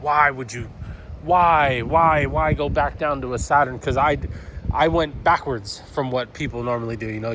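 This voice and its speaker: A man's voice: medium pitch, fairly bright tone, slight background noise. A man in his thirties talking casually for a vlog, rambling with lots of fillers and swearing. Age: 30s. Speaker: car vlogger.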